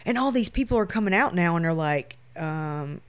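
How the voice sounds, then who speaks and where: Woman, Louisiana Southern accent, slightly low voice, emphatic, animated, casual podcast guest. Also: moderate pace, smooth. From Shreveport, Louisiana, US. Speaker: guest, photographer.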